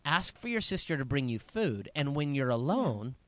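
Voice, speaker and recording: A man's voice: mid-range voice, very animated, normal speed, a bit bright, no room sound. A man co-hosting a Bible podcast, chatting casually and teasing his co-host. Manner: joking, teasing banter. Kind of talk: casual chat about the Bible.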